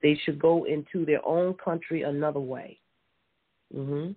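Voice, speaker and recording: Husky preacher on a tinny phone line. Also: medium pitch, fairly even intonation, measured pace. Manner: repeats words and restarts, affirms with mm-hmm. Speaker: Bible teacher. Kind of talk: informal sermon with scripture reading.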